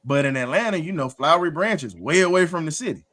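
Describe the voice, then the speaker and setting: A man, hosting a casual sports talk show, animated and storytelling, with laughs and swearing. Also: fairly high pitch, fast talker. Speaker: podcast host.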